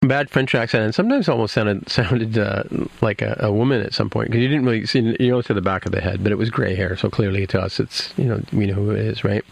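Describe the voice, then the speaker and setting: Podcast host, male, low and gravelly, casual rambling recap with lots of ums. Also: fast talker, hardly any pauses, no room sound. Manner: rambling, many fillers and restarts.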